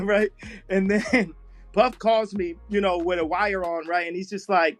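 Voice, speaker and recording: A man's voice: high voice, steady tone, measured pace, soft background music. A man as a podcast guest in casual conversation, telling rambling stories and acting out the voices of the people in them.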